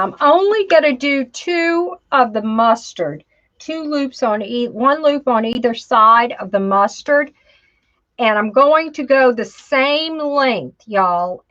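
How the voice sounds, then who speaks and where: Her voice sits a little high with a fairly bright tone. She walks viewers through a relaxed crafting demo, talking to herself as she goes and tossing in "y'all," all captured on dull, lo-fi home video sound.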